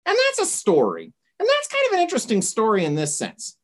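A woman's voice: a little high, huge pitch swings, brisk. A woman giving an informal lecture, retelling a story conversationally and often checking in with "right?".

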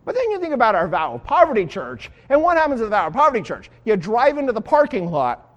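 A man preaching a sermon in a conversational, animated way, acting out the voices of the people he quotes. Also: very high voice, fast talker, lo-fi sound. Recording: long hall reverb.

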